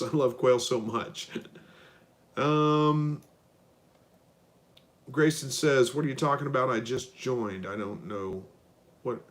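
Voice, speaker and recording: A man from Southwest Missouri hosts a relaxed live broadcast, reading questions from the chat and answering them off the cuff. He talks in an easygoing, halting way, full of ums and small restarts. His voice sits at an ordinary middle pitch for a man. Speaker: livestream host answering viewer chat.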